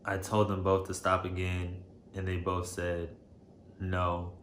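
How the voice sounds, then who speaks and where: Deep-voiced shaken man, halting. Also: completely flat delivery, a bit bright. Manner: halting, hesitant, heavy with fillers. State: shaken, emotional. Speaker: vlogger. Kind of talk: personal storytelling to camera. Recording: roomy echo, faint background noise.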